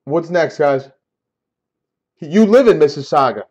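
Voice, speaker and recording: A man hosting a sports card break live, talking casually and getting loudly exasperated, repeating himself. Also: fairly high pitch, lively intonation, measured pace, lo-fi sound. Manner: exasperated, repetitive, loud outbursts. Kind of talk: casual live-stream banter.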